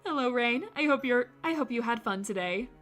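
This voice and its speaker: A gentle mother from a visual novel, as a woman reads her lines aloud, soft-spoken and kindly. Her voice sits slightly high and bright. A faint bed of music runs underneath. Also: fast talker. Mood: tender.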